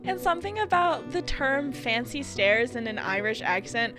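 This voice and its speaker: A young woman chats in a radio booth, telling an animated story and breaking into giggles. Her voice sits a little high. Faint music plays behind her. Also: moderate pace. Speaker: radio co-host. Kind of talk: casual chat.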